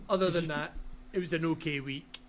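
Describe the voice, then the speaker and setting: A man's voice: a little high, moderate pace, a little hiss or hum. A man hosting a wrestling podcast, casual and jokily incredulous. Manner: jokey, mock-incredulous. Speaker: podcast host.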